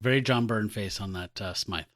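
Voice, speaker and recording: A man's voice: lowish voice, moderate pace, fairly bright tone, no echo, studio quality. A man co-hosting a casual comic book podcast, recapping panels in a chatty way and laughing often. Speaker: podcast co-host.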